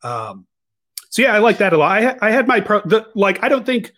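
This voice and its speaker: A man's voice: high-pitched, sing-song, a little fast, fairly bright tone. A man co-hosting a podcast, chatting casually about a film with lots of restarts and self-corrections. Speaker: podcast co-host. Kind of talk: casual podcast review chat.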